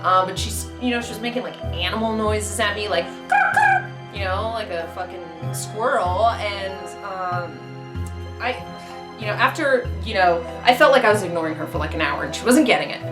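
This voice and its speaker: A young woman telling a comic story in an animated way, acting out the quotes loudly. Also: normal speed. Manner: lively, acts out quotes with loud pitch jumps. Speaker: comedic storyteller. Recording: roomy echo with faint music.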